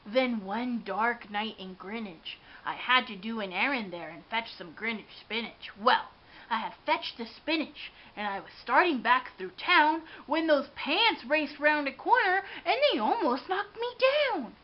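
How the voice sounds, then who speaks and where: A woman giving an expressive, dramatic read-aloud of a children's storybook. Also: on the high side, a little slow. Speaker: storybook reader. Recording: dull lo-fi with faint hiss.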